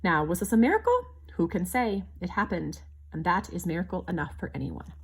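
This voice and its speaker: A woman reading a children's picture book aloud in an expressive, sing-song way. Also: lowish voice, a little fast, slight background noise. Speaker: children's story reader. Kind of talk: storybook read-aloud.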